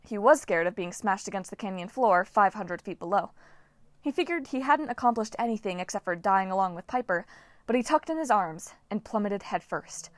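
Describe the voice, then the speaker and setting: A woman reading a novel aloud as an audiobook narrator, with steady, dramatic storytelling. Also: mid-range voice, brisk, no echo. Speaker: audiobook reader.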